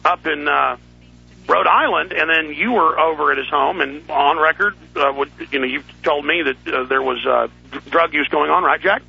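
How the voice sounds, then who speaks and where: Furious gravelly-voiced male radio host. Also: high voice, muffled recording. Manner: angry, shouting, repetitive. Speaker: radio talk show host. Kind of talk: heated talk radio rant.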